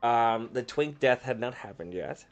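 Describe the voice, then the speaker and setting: A young man chats to his stream while gaming, spinning stories with a campy, animated flair and plenty of swearing. His voice sits at an ordinary middle pitch and moves freely between hushed asides and bursts of volume. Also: measured pace, lo-fi sound, soft background music. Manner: animated, campy, profane storyteller. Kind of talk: casual storytelling while gaming.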